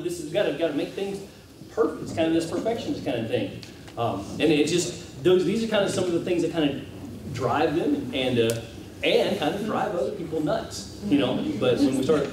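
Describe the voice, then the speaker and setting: A man telling stories to a church class in a casual, halting way, often repeating words and chuckling. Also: a little high, lively intonation. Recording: echoey room, distant mic, audible background hiss.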